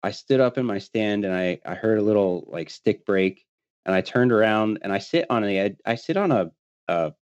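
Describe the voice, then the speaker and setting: A man's voice: fairly low pitch, lively intonation, moderate pace, clean tone, no echo, dull audio. A man telling a long hunting story in a casual way, laughing often and acting out what his friends said.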